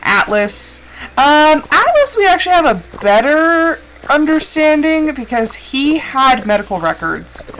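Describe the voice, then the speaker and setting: A woman's voice: high-pitched, measured pace, soft background music, poor audio. A woman streamer chatting casually and rambling while she plays a game. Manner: rambling, chatty, animated asides. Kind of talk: casual chat while gaming.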